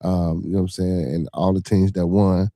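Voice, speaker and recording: A man's voice: low voice, level tone, moderate pace, dry recording, clean studio sound. Rambling, profane man on a livestream. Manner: rambling, profane, full of shout-outs and fillers. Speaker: podcast host. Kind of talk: casual livestream chat.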